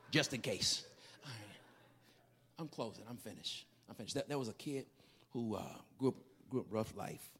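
A preacher in their forties giving a sermon, repeating words and building from quiet talk to shouting hoops. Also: medium pitch, slightly rough. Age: 40s. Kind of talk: sermon with hooping.

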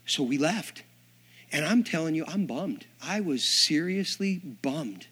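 A man of young to middle age preaches with a slightly raised pitch. He acts out every line of the dialogue, dropping to hushed asides and then climbing to loud, excited shouting. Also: slow pace, breathy edge. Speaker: Assembly of God minister. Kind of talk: storytelling sermon.

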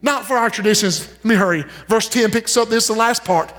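A man preaching an impassioned sermon as pastor, swinging his pitch and pace and calling out to the congregation. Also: brisk, fairly bright tone. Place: church sanctuary. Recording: long church hall reverb.

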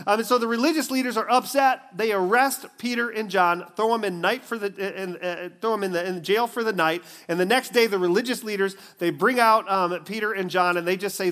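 Brief: animated male preacher, fairly high voice, storytelling sermon. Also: moderate pace. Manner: animated storytelling, acts out the scenes. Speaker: pastor.

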